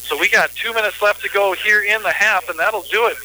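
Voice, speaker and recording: A man's voice: sits high, fairly quick, pushed and bright, a little hiss or hum, rough recording. A man announcing a girls' basketball game on local radio. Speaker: play-by-play sports announcer. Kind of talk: local radio sports commentary.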